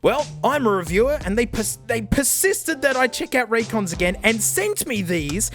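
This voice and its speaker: A man's voice: very high voice, very animated, normal speed, a bit bright, faint music behind. An Australian man reviewing earbuds in a blunt, joking, casual way, often saying mate. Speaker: headphone reviewer.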